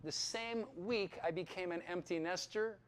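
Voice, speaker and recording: High-voiced middle-aged pastor telling his story to students, lively, acts out the dialogue. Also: moderate pace. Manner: emotional, near tears. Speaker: pastor and Bible school teacher. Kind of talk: testimony talk to students. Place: Bible school hall.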